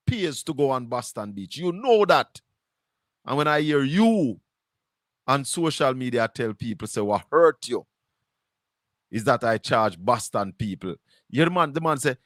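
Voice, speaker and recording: A man's voice: medium pitch, a bit bright, no echo, clean studio sound. A man with a Jamaican accent hosting a livestream, delivering a preachy, emphatic monologue with scripture quotes. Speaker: show host.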